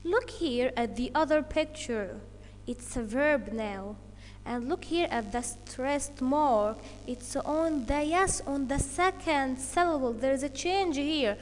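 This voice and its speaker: A woman teaches English to children in a high, slow voice. She explains each point carefully and checks in with "okay" along the way. Her voice carries a long reverb. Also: slight background noise. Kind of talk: online English lesson for children.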